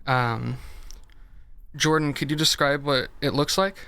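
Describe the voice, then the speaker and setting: Bright-voiced man running a tabletop game. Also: a little high, fairly even intonation, clean tone, no room sound. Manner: halting, filler-heavy narration. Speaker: game master.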